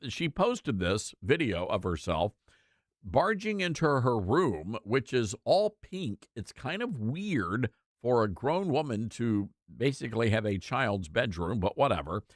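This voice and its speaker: A man hosting a talk show, giving opinionated commentary in an animated, mocking way. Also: medium pitch, no echo, studio quality. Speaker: radio talk show host.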